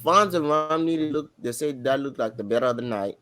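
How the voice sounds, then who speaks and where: A man co-hosting a podcast in casual chat, telling a story in an animated, rambling way full of fillers. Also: medium pitch, brisk. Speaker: podcast co-host.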